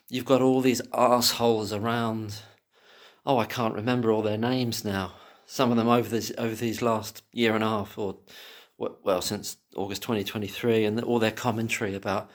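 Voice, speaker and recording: A man giving impassioned solo commentary who swears freely and swings from angry ranting to quiet muttering. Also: on the low side, fairly even intonation, moderate pace.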